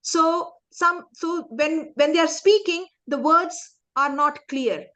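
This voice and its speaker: A woman's voice: very high voice, slow pace. A woman leading an interactive public speaking lesson for young students, asking the class questions and acting out her points. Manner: animated, demonstrative, asks the class questions.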